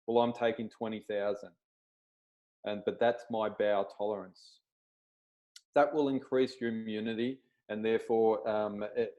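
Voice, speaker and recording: A man's voice: on the low side, mellow, muffled recording. Man explaining health on a webinar. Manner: plain-spoken, checks in with "okay?". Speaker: chiropractor.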